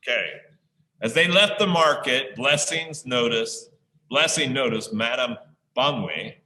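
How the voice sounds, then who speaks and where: Slow, bright-voiced man reading to a class. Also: mid-range voice. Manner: slow, pausing to quiz listeners. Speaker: teacher. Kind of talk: reading a story aloud to a class. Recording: echoey room sound.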